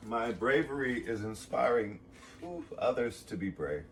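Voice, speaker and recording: A man rambling through a casual motivational vlog, swearing freely and close to tears. His voice sits at an ordinary middle pitch, jumping to loud bursts and dropping to quiet mutters. A faint hiss of noise hangs under the recording. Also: lively intonation, unhurried. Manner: profane, rambling, swings between loud bursts and soft asides. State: emotional, near tears. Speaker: vlogger.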